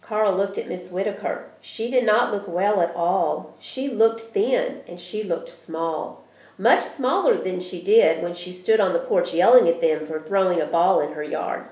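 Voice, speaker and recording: A woman reading a children's storybook aloud, with an expressive delivery. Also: medium pitch, measured pace. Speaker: reader. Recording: roomy echo.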